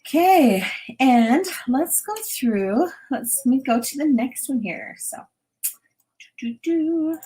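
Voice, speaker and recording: A middle-aged woman hosting a live stream, chatting warmly and giving intuitive readings to viewers. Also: sits high, lively intonation, slow pace. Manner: bubbly, chatty, reads viewer comments aloud, laughs often. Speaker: intuitive reader and host.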